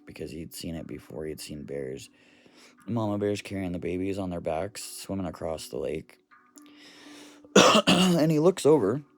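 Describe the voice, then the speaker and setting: A man's voice: low voice, a little mellow. A man talking casually to camera, earnestly retelling a story in a rambling way and swearing now and then. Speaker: vlogger.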